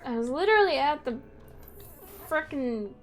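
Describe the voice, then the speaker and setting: A woman's voice: high voice, animated, moderate pace. A young adult woman playing a game and chatting about it in a playful, casual way. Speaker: gaming streamer. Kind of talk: casual gameplay commentary. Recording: faint game music behind.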